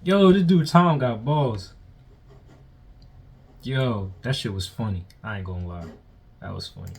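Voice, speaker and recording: A man's voice: medium pitch, measured pace, a little hiss or hum. A man hosting a reaction video, commenting casually with swearing and street slang. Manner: swearing, laughing, animated slang.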